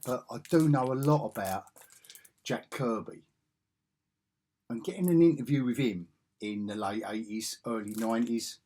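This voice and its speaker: Leafing through old comic magazines, a comic-collecting vlogger chats casually and rambles as he thinks aloud. His voice is medium-pitched and a little mellow.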